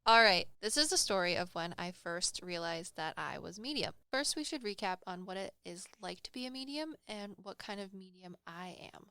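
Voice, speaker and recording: Smooth-voiced woman telling her stories. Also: mid-range voice, expressive, moderate pace, few pauses, sharp tone. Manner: rambling, self-deprecating, chatty. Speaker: podcast co-host and psychic medium. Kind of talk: casual podcast storytelling. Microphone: studio microphone.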